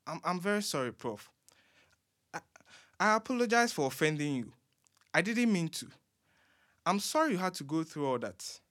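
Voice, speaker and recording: A man's voice: on the high side, sing-song, normal speed, long pauses, a bit bright. A man playing an overexcited young fan. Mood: earnest. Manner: overexcited, chatty, fawning. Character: eager young man with a prosthetic leg.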